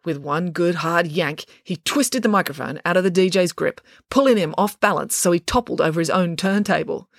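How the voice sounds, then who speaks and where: A woman narrating a children's story with expressive delivery. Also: lowish voice, normal speed, vocal fry, hardly any pauses, no room sound, studio quality.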